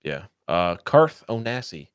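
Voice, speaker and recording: A man co-hosting a casual podcast, ranting in profane, animated bursts. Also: fairly low pitch, slow, clean tone, dry recording, clean studio sound. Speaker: podcast co-host.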